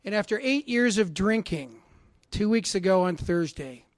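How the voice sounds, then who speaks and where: A man from Canada speaking at a recovery assembly, telling a heartfelt personal story that drops to hushed tones and rises to loud emphasis. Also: high-pitched, animated, moderate pace, no echo, studio quality. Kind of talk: personal testimony talk. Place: assembly hall.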